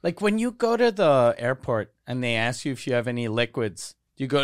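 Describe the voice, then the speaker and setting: A man's voice: medium pitch, moderate pace, dry recording, clean studio sound. A man in casual comedic podcast chat, dropping wry one-liners and laughing a lot.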